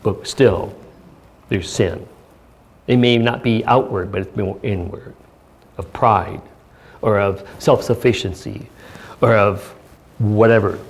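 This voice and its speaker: A man pastor giving a church sermon, speaking earnestly with pauses and reading scripture aloud. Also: on the low side. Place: church service.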